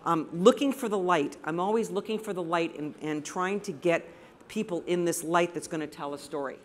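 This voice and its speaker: A woman's voice: lowish voice, normal speed, a little hiss or hum. A woman from the United States, a photographer giving an enthusiastic, anecdotal slide presentation to a live audience in a room.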